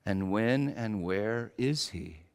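A man's voice: lowish voice, animated, slow pace, gravelly, smooth. Preaching man in an echoing hall. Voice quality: slight whistle on a false tooth. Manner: dramatic swings from loud exclamations to hushed asides. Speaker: pastor. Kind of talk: sermon. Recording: long echoing hall reverb.

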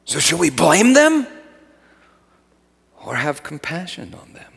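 Animated male preacher in a reverberant hall. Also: a little high, slow pace, creaky, husky. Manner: animated, swings from hushed to loud emphatic peaks. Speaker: pastor. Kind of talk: sermon.

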